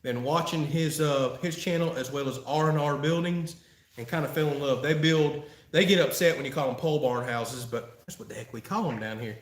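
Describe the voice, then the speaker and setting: Speaking briskly in a fairly high voice, a channel host from Florida, USA, answers his live chat during a casual stream. His manner is folksy and full of laughs, and the recording sounds roomy and echoey.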